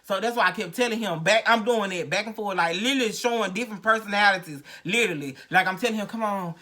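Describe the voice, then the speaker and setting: Bright-voiced woman telling her story frankly. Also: mid-range voice, fast talker. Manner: rambling, frank, many restarts. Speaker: podcast host. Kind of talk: candid personal recovery story. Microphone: no podcast mic.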